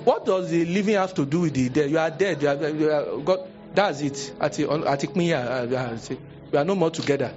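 Young Nigerian pastor, sermon, high voice swinging wide, dull lo-fi capture. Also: male voice, brisk, soft background music. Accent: Nigerian, Yoruba-speaking. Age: young adult. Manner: animated storytelling, acting out voices, sudden high exclamations.

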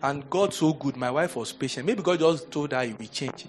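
A middle-aged man with a Nigerian English accent preaching a sermon as pastor, moving between loud exhortation and quiet storytelling, laughing often. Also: medium pitch, brisk, few pauses, over music.

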